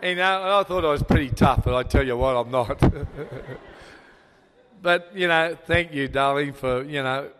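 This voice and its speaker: An older Australian man gives a father-of-the-bride wedding speech at normal speed, his voice sitting a little high for a man. He rambles fondly with fillers and restarts, and the audio carries long hall reverb plus background noise.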